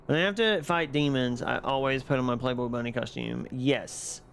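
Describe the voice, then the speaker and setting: A man streaming live, chatting casually and excitably with his viewers while playing a game. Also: mid-range voice, normal speed, vocal fry, a little hiss or hum. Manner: excitable, chatty, reads and answers chat.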